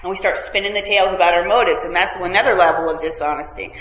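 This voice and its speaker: A woman's voice: fairly low pitch, fast, a bit bright. A woman telling a meeting group about her recovery, with self-mocking humor and many fillers and restarts. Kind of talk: candid talk to a group. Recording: echoey hall, faint noise.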